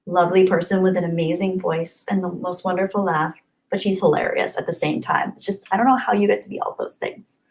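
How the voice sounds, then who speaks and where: A woman chatting casually on a live stream from her home webcam setup, reading chat and greeting viewers with bubbly, gushing excitement and little gasps. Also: on the low side, a little fast, vocal fry, low-quality recording. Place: home, apartment.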